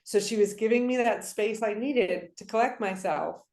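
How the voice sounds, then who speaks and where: A woman in her forties speaks as a podcast guest at a mid-range pitch. She tells her stories with lively, casual energy and acts out the people she quotes. Her voice carries a noticeable roomy echo. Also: normal speed. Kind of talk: casual conversational interview.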